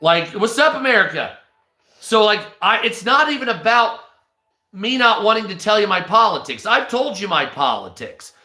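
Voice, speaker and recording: A man's voice: high voice, expressive, normal speed, sharp tone. A man on a livestream, delivering a crude, heavily profane rant and thanking viewers mid-sentence. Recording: echoey room.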